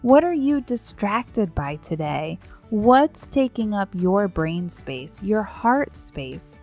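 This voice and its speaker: A woman's voice: medium pitch, very animated, takes it slowly, darkish tone, soft background music. A middle-aged woman hosting a devotional podcast, speaking in an earnest, reflective way with rhetorical questions and repeated phrases. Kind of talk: devotional talk.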